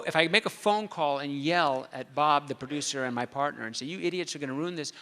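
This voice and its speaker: Man, comic storyteller on stage, high and bright, hall reverb. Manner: animated, comic storytelling with quoted voices. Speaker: speaker at a convention.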